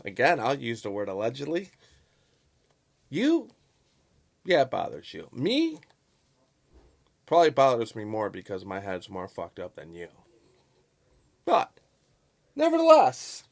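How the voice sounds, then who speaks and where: A man commenting on a local news story in a vlog, stressing words over and over and swinging between loud bursts and quiet asides. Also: medium pitch, creaky. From Chicago. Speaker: YouTube commentator. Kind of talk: profane political commentary vlog.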